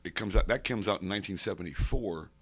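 A man's voice: low voice, fast. A man in his sixties, being interviewed, telling rambling oral-history stories full of digressions and asides. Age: 60s. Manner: digressive, with many asides and restarts. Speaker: interviewee, comics fan and collector. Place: convention center interview room.

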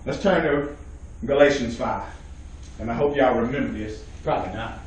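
A man's voice: mid-range voice, normal speed. A man teaching a men's Bible study, preaching emphatically and calling out to the men in the room. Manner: emphatic preaching, calls out to listeners. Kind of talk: sermon. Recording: very echoey room, mic far off.

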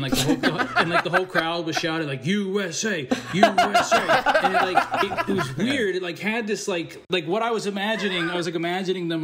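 A man co-hosting a podcast in casual chat, telling stories in a rambling, animated way with lots of fillers. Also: a little high. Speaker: podcast co-host.

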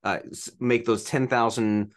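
A man's voice: medium pitch, fairly even intonation, unhurried. A man hosting a podcast, chatting casually and peppering his speech with "like" and restarts. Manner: filler-heavy, says "like" constantly. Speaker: podcast host. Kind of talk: casual interview chat.

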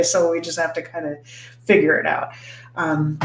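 A woman co-hosting a casual book-club podcast retells a book's plot, using lots of fillers and restarts. Her voice is low and flat, at a normal speed. The recording has a roomy echo and faint background noise.

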